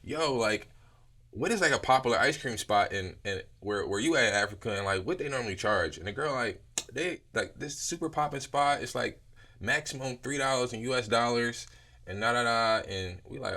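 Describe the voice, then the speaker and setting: A young man from Philadelphia, a business owner, telling stories as an interview guest in a loose, animated way, acting out quotes and swearing freely. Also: mid-range voice, moderate pace. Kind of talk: casual storytelling interview.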